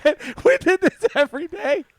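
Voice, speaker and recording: A man's voice: very high voice, normal speed. A man co-hosting a podcast, telling a long funny story with lots of laughter. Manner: animated, laughs through his own story. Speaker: podcast co-host. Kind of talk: casual storytelling chat.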